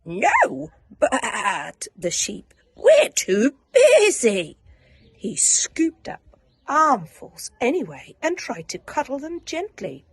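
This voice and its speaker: A woman reading a bedtime story aloud in a soft, hushed, soothing way, slipping into whispers. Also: mid-range voice, breathy edge.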